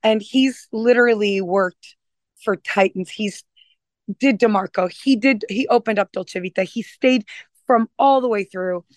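A woman guest on a food podcast, telling animated stories in casual chat and swearing freely. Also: medium pitch, unhurried, no room sound, clean studio sound.

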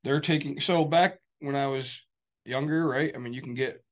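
A man's voice: medium pitch, normal speed. Rambling man chatting casually. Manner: loose, meandering sentences with fillers. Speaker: podcast co-host. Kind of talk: casual chat.

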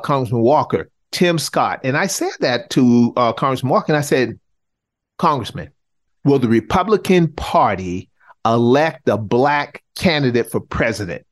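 A middle-aged man from South Carolina co-hosting a political podcast, talking in an animated, teasing, showman-like way. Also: mid-range voice, moderate pace. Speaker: podcast co-host. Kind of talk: casual political chat.

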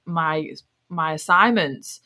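Bright-voiced young Englishwoman chatting casually. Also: sits low, slow. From England. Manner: chatty, full of "like" and "you know", restarts phrases. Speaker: podcast host. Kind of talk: casual personal chat.

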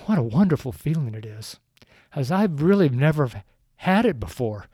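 A man's voice: a little high, sing-song, normal speed, mellow, slightly rough, no room sound, studio quality. A man in his sixties, a street preacher speaking on a podcast, crying and pleading earnestly into his microphone. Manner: pleading, earnest, repetitive appeals. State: tearful, crying while speaking.

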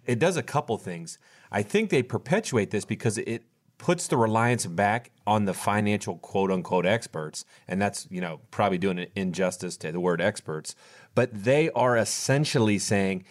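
A middle-aged man, a financial advisor, co-hosting a podcast in an animated casual chat and acting out what his clients say. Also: fairly low pitch, moderate pace. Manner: animated, acts out clients' quotes.

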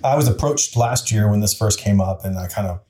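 A man's voice: lowish voice, a little fast, dark tone. Plainspoken man telling a story. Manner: earnest, plainspoken, frequent restarts. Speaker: interview guest, city council member. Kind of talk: candid conversational storytelling.

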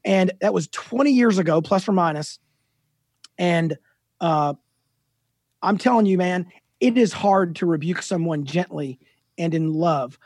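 A man in his fifties with a notably high, husky voice, telling lively, self-deprecating stories as a guest author. The recording is dry and close, with no room sound. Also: measured pace, pauses often, dry recording. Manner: animated, self-deprecating storyteller. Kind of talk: casual storytelling interview.

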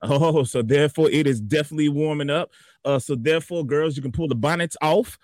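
A man's voice: on the high side, fairly quick, a little mellow, no room sound, studio quality. A man doing a joking weather report on a comedy morning show, loose and rambling in slangy casual talk.

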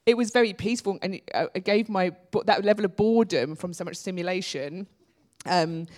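A woman's voice: on the low side, brisk, darkish tone. A woman, chatting as a comedian guest in a live on-stage conversation, rambling with many restarts and asides. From London. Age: 40s.

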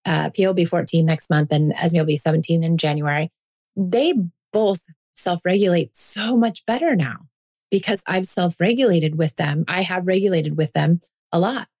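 Earnest woman with a low voice. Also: normal speed, darkish tone. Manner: earnest, reassuring, coaching tone. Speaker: parenting podcast host. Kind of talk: reflective podcast monologue.

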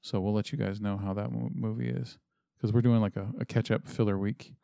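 A man's voice: lowish voice, steady tone, a little fast, gravelly, mellow, no room sound, studio quality. A man hosting a casual movie-review podcast, rambling with lots of fillers and swearing. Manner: rambling, filler-heavy, profane. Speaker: podcast host.

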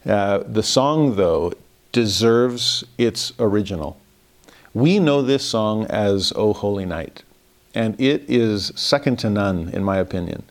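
Speaking in a lowish voice with vocal fry, a religious teacher offers an earnest Christmas devotional lesson, reflective in tone and sprinkled with self-deprecating jokes.

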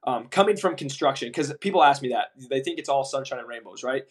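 A young man co-hosting a casual podcast about medical device sales, telling lively stories and acting out the people he quotes. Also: mid-range voice, quick pace, breathy edge. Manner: animated storyteller, acts out quoted voices, swears casually.

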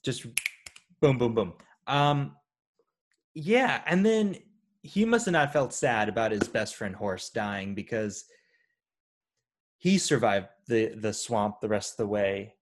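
Rambling, animated man chatting about a movie. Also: fairly low pitch, slow, pauses often, background noise. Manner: animated, rambling, many fillers and restarts. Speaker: podcast co-host. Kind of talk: casual movie discussion.

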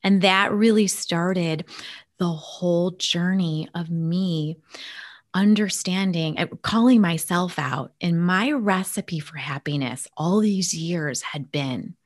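Speaking slowly in a fairly low voice, a woman shares a family story as a guest in casual conversation. She's earnest and at times drops nearly to a whisper.

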